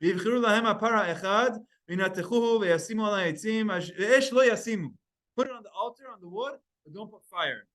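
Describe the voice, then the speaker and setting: A man teaching a Talmud class, reading Hebrew verses aloud and retelling them in lively, storytelling English. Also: sits high, a little fast. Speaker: Torah teacher.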